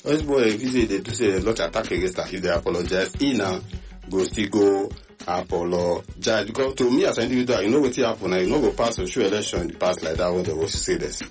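A chatty radio host with a Nigerian Pidgin accent, a man whose voice sits on the low side. He talks in animated bursts and jumps up in pitch on key words. Faint music plays underneath. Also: fast talker. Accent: Nigerian Pidgin English. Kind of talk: call-in radio gossip talk.

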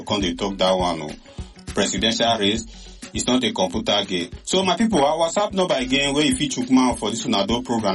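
A man with a Nigerian Pidgin accent, hosting a show and giving animated, casual commentary full of exclamations. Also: lowish voice. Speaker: radio or online show host.

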